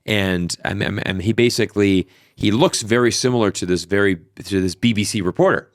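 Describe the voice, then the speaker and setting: A man's voice: lowish voice, a little fast, no room sound, studio quality. A man in his thirties, telling stories in a casual interview with lots of fillers and restarts. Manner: animated storyteller, many fillers and restarts. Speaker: podcast guest.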